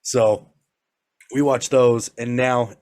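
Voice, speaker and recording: A man's voice: medium pitch, takes it slowly. A man co-hosting a podcast, a father telling profane stories in casual chat and acting out the quotes. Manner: animated, profane storytelling with acted-out quotes. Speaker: podcast co-host.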